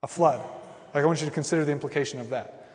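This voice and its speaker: A man in his thirties, a pastor preaching a sermon in an animated, conversational way with acted asides. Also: on the high side, rapid-fire. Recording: reverberant hall.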